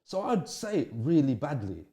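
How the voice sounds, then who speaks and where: A middle-aged man, an interview guest, telling candid stories from his youth with animated swings in pitch and frequent restarts. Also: moderate pace.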